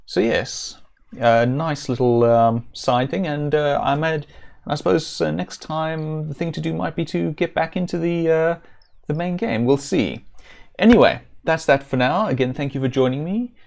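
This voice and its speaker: A man's voice: on the high side, normal speed, gravelly, a little mellow. A man streaming a video game, chatting casually and rambling with dry, self-amused jokes. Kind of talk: casual let's-play commentary.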